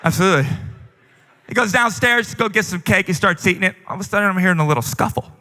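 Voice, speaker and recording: A male pastor preaching a sermon in a large church, telling stories in an animated, humorous way. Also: sits high, very fast. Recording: long reverb of a large church hall.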